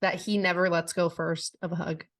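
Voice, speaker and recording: A young woman co-hosting a podcast in casual chat. She talks in a chatty way, full of "like" fillers and quick giggles. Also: lowish voice, flat delivery. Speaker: podcast co-host.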